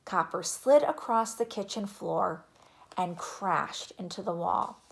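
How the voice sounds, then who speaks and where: A woman narrating a children's chapter book in a gentle, even reading voice. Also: fairly low pitch, slow pace, vocal fry. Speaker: audiobook narrator. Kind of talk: storybook narration.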